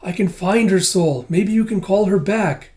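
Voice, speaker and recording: A man voicing a small, earnest fox girl who pleads with high, breathless urgency in a comic book read-aloud. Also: a little slow, darkish tone. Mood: pleading, urgent.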